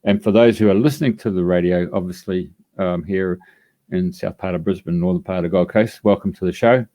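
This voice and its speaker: A man's voice: deep voice, fairly even intonation, a little fast, dark tone. A man hosting a live radio show, introducing a guest in a rambling way with many fillers. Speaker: radio host.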